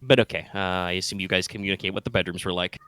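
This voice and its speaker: A man's voice: deep voice, steady tone, rapid-fire, sharp tone. A man narrating a tabletop game as game master, describing scenes loosely with lots of fillers.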